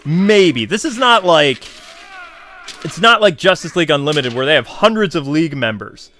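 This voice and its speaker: In a casual, slang-heavy film review, a man speaks at a moderate pace with a slightly high, bright, forceful voice, often growing animated and exasperated. There's a bit of background noise.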